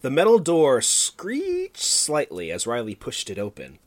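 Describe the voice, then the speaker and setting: A man's voice: medium pitch, huge pitch swings, a little slow. A man hosting a podcast, reading a story he wrote years ago and breaking off with laughing asides. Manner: laughs often, interrupts his own reading with asides. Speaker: podcast host reading his old story. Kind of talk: casual chat with read-aloud fiction.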